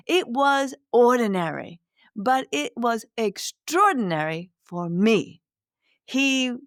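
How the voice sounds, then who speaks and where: Middle aged lady medium telling a story, gentle and musing, lots of ums and restarts, dry close mic. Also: medium pitch, dry recording. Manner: gentle, reflective, frequent fillers and restarts. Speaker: spiritual medium, podcast host. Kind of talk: personal storytelling to listeners.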